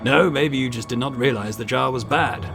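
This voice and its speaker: A man's voice: medium pitch, moderate pace, vocal fry, music in the background, natural voice. A man voicing a polite, formal male university professor in a video game. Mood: cautious.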